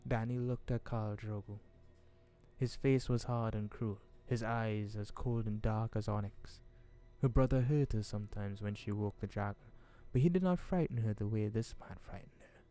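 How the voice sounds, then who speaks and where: A man reading a fantasy novel aloud in a relaxed, casual way, stumbling over words now and then. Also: on the low side, moderate pace. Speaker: audiobook reader. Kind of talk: casual audiobook reading with asides.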